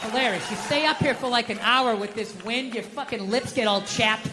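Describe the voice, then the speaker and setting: A middle-aged man doing a stand-up comedy set, animated and swearing as he rants. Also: very high voice, brisk, in a large hall, a crowd in the background, background noise.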